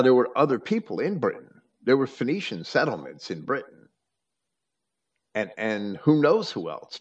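In a conversational lecture, a man talks at length in a low voice that swings widely in pitch. He stammers through restarts and repeats words, tripping over himself. The audio is muffled and lo-fi.

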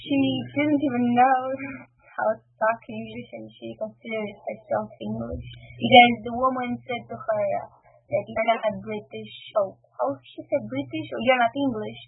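A woman's voice: on the high side, fairly even intonation, moderate pace, gravelly, breathy edge. A woman in casual conversation on a call, speaking in a sarcastic tone. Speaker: caller. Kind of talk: casual chat. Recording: tinny phone line with faint music.

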